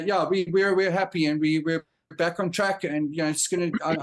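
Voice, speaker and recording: Man, guest on a podcast, slightly high voice, halting, lots of fillers. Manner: halting, many fillers and restarts. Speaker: guest, entrepreneur. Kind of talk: casual chat among friends.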